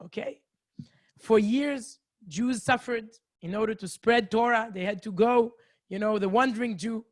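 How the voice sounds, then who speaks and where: A woman's voice: on the high side, a little slow, no echo, clean studio sound. A woman from Israel with an Israeli accent, giving a chatty, self-mocking talk to a community over a video call. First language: Hebrew. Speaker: guest lecturer. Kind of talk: lively storytelling talk to a community. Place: home in a city, indoors.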